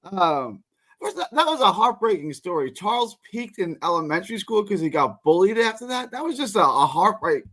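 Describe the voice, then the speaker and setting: Male caller with a high, lively voice, talks fast and rambles a bit. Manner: apologetic, animated, rambling. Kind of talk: call-in chat.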